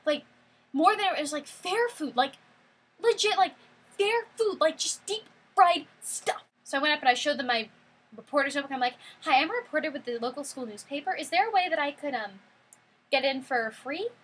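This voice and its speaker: An eighteen-year-old woman telling a story in a casual vlog, excitable and gushing, saying "like" constantly. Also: sits high, brisk. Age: 18, college student. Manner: excitable, gushing, heavy use of "like". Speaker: vlogger.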